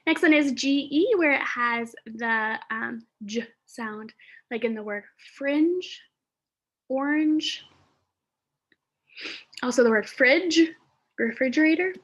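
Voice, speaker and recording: A woman with a high voice teaches young children phonics, sounding out letters and words with careful enunciation and thinking aloud with pauses and fillers. The sound is lo-fi.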